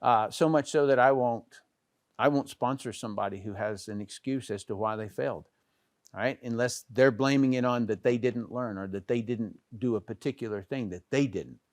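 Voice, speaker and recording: A man's voice: medium pitch, moderate pace, dry recording. Plain-spoken middle-aged man, dry sound. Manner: conversational, many fillers and restarts, pointing with "here". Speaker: network marketing trainer. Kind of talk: casual training talk to camera.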